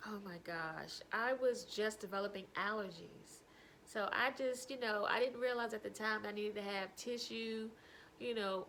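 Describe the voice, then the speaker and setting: A woman vlogger casually telling embarrassing stories from her past, animated and laughing as she goes. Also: medium pitch, slight background noise. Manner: animated, laughing through anecdotes. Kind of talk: casual storytelling.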